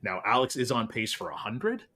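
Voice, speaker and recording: A man's voice: medium pitch, big pitch swings, normal speed, a crowd in the background. A man hosting a casual movie trivia podcast, tallying points and chatting about films. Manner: upbeat, running scores and banter. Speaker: podcast host. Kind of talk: casual game-show chat.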